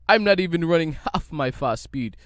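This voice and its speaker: A man's voice: fairly high pitch, no room sound, studio quality, voice pushed up. A man putting on a Jamaican accent to voice a cocky male sprinter, mocking and laughing at his rivals.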